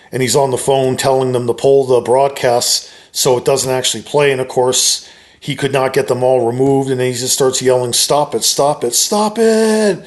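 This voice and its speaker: Man giving a casual film opinion. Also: medium pitch. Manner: conversational and measured, with frequent hedges. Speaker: YouTuber reviewing a film.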